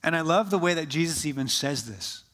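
A man preaching a sermon as pastor, rising with energy, then dropping to a soft, slow hush for quoted words. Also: fairly high pitch. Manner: shifts from lively to soft and slow when quoting Jesus.

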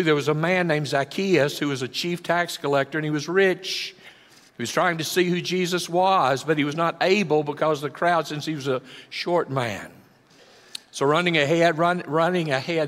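Preaching man in an echoey hall. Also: medium pitch. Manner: dramatic, shifts volume for emphasis. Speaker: pastor. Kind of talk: sermon.

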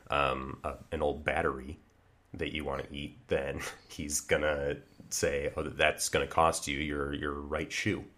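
A man's voice: rumbling low, fairly bright tone. A man co-hosting an improvised comedy podcast, talking earnestly with lots of fillers and restarts. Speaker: podcast co-host.

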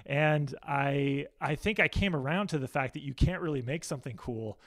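A man's voice: fairly high pitch, moderate pace, a bit bright. A man being interviewed as a guest, talking candidly and poking fun at himself, with lots of restarts. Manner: candid, self-deprecating, chatty with many restarts. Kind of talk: casual interview.

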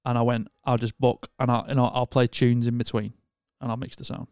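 A man's voice: medium pitch, level tone, brisk, darkish tone, smooth, no echo, clean studio sound. A man, co-hosting a podcast and telling a long story in casual chat, with lots of restarts. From Northern England. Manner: rambling storyteller with many restarts. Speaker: podcast co-host.

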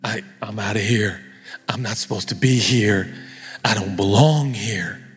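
A man voicing a frightened, ashamed woman who mumbles her apology in a low, hushed voice. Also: a little slow, breathy edge, long reverb tail.

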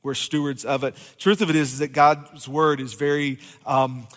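A man's voice: mid-range voice, little pitch movement, normal speed, a bit bright, big-room sound. A man preaching a conversational sermon as pastor, joking with his congregation. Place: church sanctuary.

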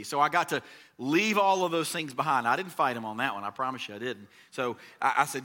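Bright-voiced preacher man. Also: a little high, fairly quick. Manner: conversational preaching, swells louder on key phrases. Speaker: pastor. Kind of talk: sermon.

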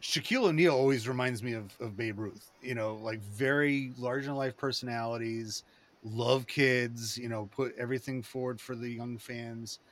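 A man talking in a rambling, excitable way, with lots of fillers and restarts, in a casual chat. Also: medium pitch, moderate pace.

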